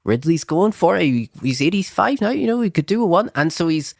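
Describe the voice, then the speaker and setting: A man co-hosting a film review show, chatting casually in a rambling, animated way that acts out quotes. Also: on the high side, fairly quick, gravelly, dry recording, studio quality. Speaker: film review podcast co-host. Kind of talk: casual chat.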